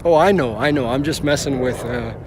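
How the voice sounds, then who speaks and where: A man's voice: medium pitch, brisk, background noise. A man driving for rideshare, telling a story on a casual live stream in a rambling way, restarting often and swearing casually.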